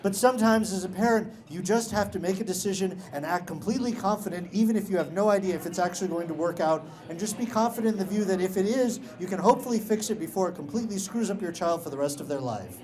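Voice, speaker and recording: Brief: middle-aged man, fairly high voice, live storyteller, dry self-mocking humor. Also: quick pace, hardly any pauses, darkish tone, rough recording. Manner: wry, self-deprecating humor. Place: live show at a beach-bar venue.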